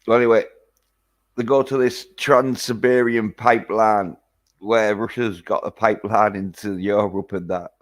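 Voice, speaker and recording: A man's voice: on the low side, fairly even intonation, moderate pace. A man recapping a film in a casual, rambling way, full of hesitations and swearing. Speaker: film reviewer.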